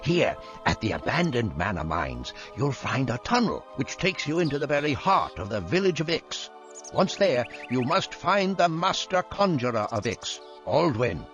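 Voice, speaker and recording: A grave old game mentor. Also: male voice, mid-range voice, very animated, fairly bright tone. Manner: grave, measured, calls the hero lad. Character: gruff old male guide sending a young hero off. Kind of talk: game cutscene voice acting. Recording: dull lo-fi game audio with music.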